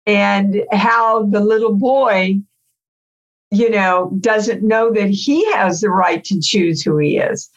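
A woman guest on a talk show, an author, talking enthusiastically with drawn-out phrasing. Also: medium pitch, muffled recording. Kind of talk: casual chat.

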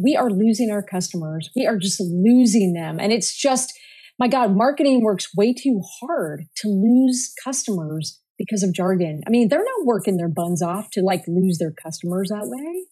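A woman guest on a marketing podcast, talking in an animated, playful way and laughing often. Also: on the high side, normal speed. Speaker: guest, marketing speaker and author. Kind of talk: casual podcast interview.

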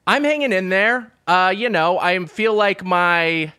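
A man's voice: sits high, animated, a little slow, pushed and bright, smooth. A man hosting a podcast, chatting casually and patiently explaining himself between easy laughs. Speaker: podcast host. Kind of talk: casual chat.

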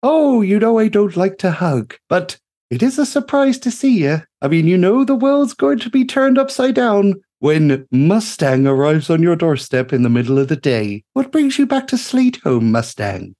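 Guy doing a bubbly gnome mechanic girl, high squeaky voice, really animated and gushing. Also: normal speed, exaggerated voice. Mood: chirpy.

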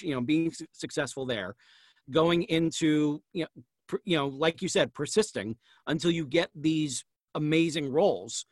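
A middle-aged man hosts a casual interview chat, asking long, meandering questions. His voice sits on the high side, and there's no room sound.

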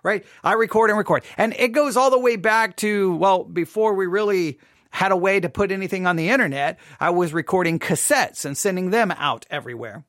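A man's voice: high voice, brisk, a bit bright, no room sound. A man hosting a live podcast from his studio, telling a self-deprecating story in a chatty way, often asking "right?". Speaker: podcast host. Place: home studio.

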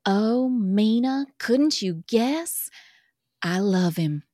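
A gushing young letter-writer with a put-on Southern drawl, as a woman reads her aloud. She talks slowly and lingers over every word, in a fairly high voice. The sound is dry and close. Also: lively intonation, mellow, no echo, heavily acted. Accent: American Southern, put on. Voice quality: dramatic, breathless gushing delivery. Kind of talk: comic dramatic reading of old letters.

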